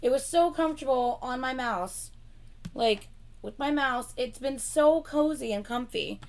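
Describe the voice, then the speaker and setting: Co-hosting a livestream, this young woman rambles in a casual, chatty way, leaning heavily on filler words like "like" and laughing between her lines. She has a high, gravelly voice and a measured pace.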